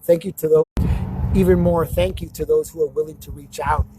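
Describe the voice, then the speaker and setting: Male spiritual healer, slow and repetitive, chant-like talk to camera, slightly high voice, faint background noise. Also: fairly even intonation. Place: outdoors.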